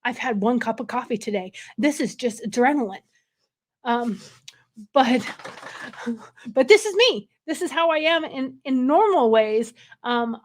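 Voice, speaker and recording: A chatty woman with a drawl talks casually to her livestream viewers from a hotel room. Her voice sits a little high, and she rambles on in a wired, excited way. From California. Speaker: livestream host.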